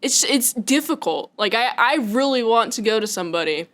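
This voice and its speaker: A woman's voice: a little high, expressive, a little fast, a bit bright. Chatty, giggly woman on a podcast. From Washington state, US. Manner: giggly, chatty, with many fillers. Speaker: podcast co-host. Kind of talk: casual chat.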